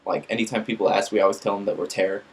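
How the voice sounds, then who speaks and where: A man's voice: fairly low pitch, fairly even intonation, very fast, low-quality recording. A young man casually telling a rambling, profane story to his viewers. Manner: rambling, filler-heavy, profane. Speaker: vlog host.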